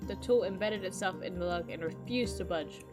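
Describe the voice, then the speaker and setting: A woman's voice: lowish voice, a little fast. A woman streamer reading a game's story aloud, breaking off to swear and chat casually. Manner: casual, swears at the game, chatty asides. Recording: voice with loud game music behind.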